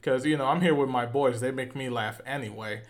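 A man's voice: medium pitch, brisk. A man hosting a casual interview, asking loose, rambling questions with fillers. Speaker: interviewer, host.

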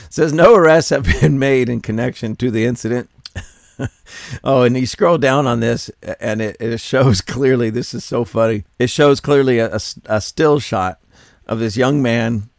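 A man reads a news piece aloud and talks it over, and he keeps cracking up with laughter. His voice is gravelly with a crackle at the low end. The mic is close and the room is dry, with no echo. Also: measured pace. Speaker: commentary channel host. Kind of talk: reading news and commenting.

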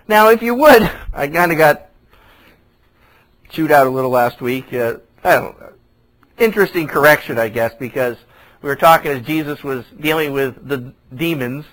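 A male pastor with a fairly high voice teaches from the Bible. He talks through the passage in a casual, conversational way, turning scripture into everyday speech. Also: expressive, moderate pace, a bit bright, poor audio. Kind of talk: verse-by-verse Bible teaching sermon.

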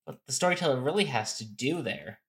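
Bright-voiced man explaining game strategy. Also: medium pitch, animated, fairly quick. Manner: explanatory, thinks aloud with fillers and restarts. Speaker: podcast co-host. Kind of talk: casual game strategy chat.

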